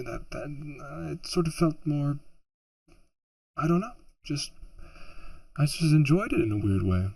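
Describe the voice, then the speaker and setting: A man's voice: on the high side, darkish tone. A man who produces audiobooks, rambling casually through interview answers with many fillers and restarts.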